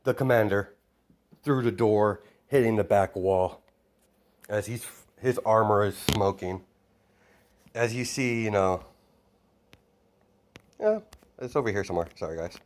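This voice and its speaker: A low-voiced man talks slowly through a fan-made story. He rambles, restarts sentences and fills gaps with "you know". His delivery is casual and unhurried. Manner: rambling, full of fillers and restarts. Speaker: narrator.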